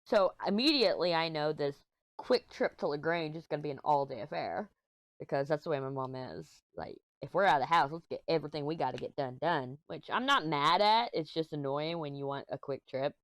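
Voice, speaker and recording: A woman's voice: low-pitched, animated, a little fast, dry recording. A middle-aged woman vlogger chatting casually while she crafts, telling a rambling story and giggling often. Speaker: diamond painting vlogger.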